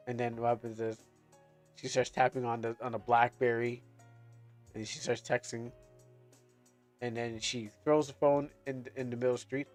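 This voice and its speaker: A man's voice: mid-range voice, little pitch movement, normal speed, pauses often, no room sound, faint music behind. A man streaming casually, rambling through stories with lots of fillers and restarts.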